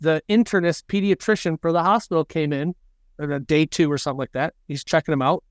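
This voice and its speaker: High, smooth-voiced man telling stories. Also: fast talker, no echo, studio quality. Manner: animated anecdotes. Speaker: podcast co-host, father. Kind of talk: casual podcast storytelling.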